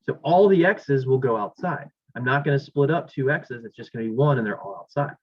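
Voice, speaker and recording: A male instructor teaching math speaks expressively and fairly quickly at medium pitch. He writes problems on the board as he talks, thinking aloud and correcting himself, in a dull lo-fi classroom recording.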